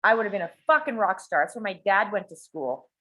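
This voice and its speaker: A woman talking in a blunt, animated way, swearing freely as she leads a small group. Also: medium pitch, brisk. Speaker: coach and workshop leader. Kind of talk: casual talk to a small group.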